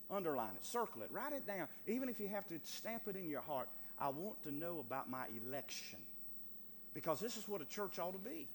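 Man preaching loudly in an echoing church. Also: sits high, slight background noise. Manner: preaching with sudden loud rising calls to the church. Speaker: pastor. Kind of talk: sermon.

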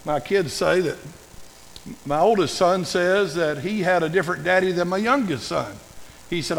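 An older man preaching a sermon as a pastor, folksy and humorous, with animated storytelling. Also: high-pitched, normal speed, vocal fry, in a large hall, rough recording.

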